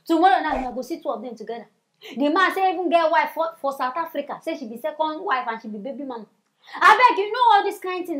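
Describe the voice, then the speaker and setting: A woman with a Nigerian accent hosting a comedy news show, giving mocking, animated commentary and addressing her viewers directly. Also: high-pitched. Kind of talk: commentary in Pidgin.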